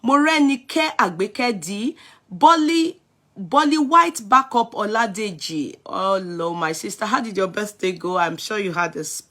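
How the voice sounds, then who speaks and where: A middle-aged Nigerian woman talks to her live-stream audience in a bright, clear voice. She is chatty and greets each viewer by name. She now and then switches into Yoruba phrases. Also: mid-range voice. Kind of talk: casual live-stream chat.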